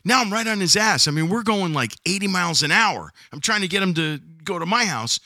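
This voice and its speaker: An excitable man spins a story in casual chat, his voice leaping up and down with every turn. His tone is bright and cutting, recorded dry and close to the mic. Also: high-pitched, fairly quick, dry recording. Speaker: storyteller being interviewed.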